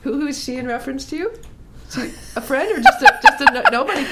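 A woman's voice: high voice, huge pitch swings, quick pace, very noisy. A woman co-hosting a live call-in radio show, playful and teasing. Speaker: radio host.

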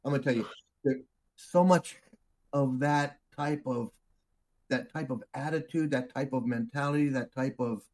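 A man's voice: mid-range voice, normal speed, darkish tone, no echo, rough recording. A man speaking as a guest on a podcast in casual chat, repeating phrases as he builds his point.

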